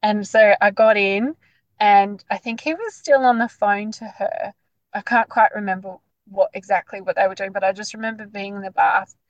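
A woman A woman in her thirties tells her story in a loose, animated, chatty way, with "like" dropping into nearly every sentence. Her voice sits at an ordinary middle pitch and sounds close and dry, with no room around it. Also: moderate pace, no echo, lo-fi sound. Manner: chatty, animated, lots of "like" fillers. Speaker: guest sharing her birth story. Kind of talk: casual storytelling.

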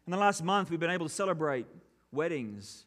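A pastor delivering a sermon, reading scripture and then preaching in an earnest, measured way. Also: male voice, fairly high pitch, expressive, a bit bright.

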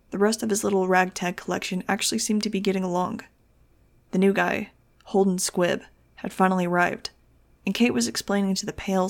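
A woman reading a novel aloud in an expressive, wry first-person narrating voice. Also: mid-range voice, vocal fry. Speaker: audiobook reader.

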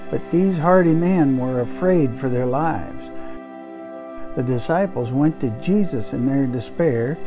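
A man hosting a devotional podcast, reading a Bible highlight and then explaining it in an unhurried, reflective way. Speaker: podcast host. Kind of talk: devotional journaling commentary. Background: background music.

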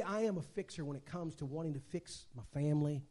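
A man in his sixties preaching a sermon as a guest preacher, telling stories and swinging between quiet talk and shouting. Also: fairly high pitch, fast, few pauses.

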